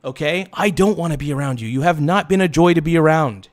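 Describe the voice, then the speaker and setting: A man hosting a livestream delivers a heated, swearing monologue that circles back on itself. His voice sits a little high, and he stumbles into restarts and quick self-corrections. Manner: heated, repetitive, swearing rant. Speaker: livestream host.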